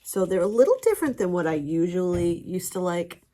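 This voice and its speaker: A woman's voice: fairly low pitch, expressive, brisk, warm tone. A middle-aged woman chatting casually to camera as a vlogger, rambling with fillers and laughing often.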